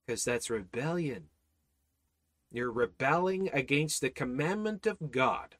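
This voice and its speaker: A man's voice: medium pitch, expressive, a little slow, fairly bright tone, no echo. A man teaching an informal Bible study, exhorting his listeners with rhetorical questions, repeated phrases and frequent restarts. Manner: many restarts and repeated words.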